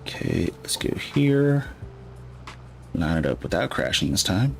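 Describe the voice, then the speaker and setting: A man's voice: low voice, sing-song, unhurried, gravelly, faint music behind. A man from Michigan with a Midwestern American accent, chatting casually as he streams a farming game and rambling to himself with lots of fillers. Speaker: gaming streamer. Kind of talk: casual gameplay commentary.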